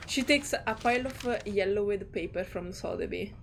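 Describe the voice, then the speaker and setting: A woman's voice: mid-range voice, normal speed, gravelly, slight background noise. A woman streamer reading game text aloud and reacting in a chatty, giggly way. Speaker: gaming streamer.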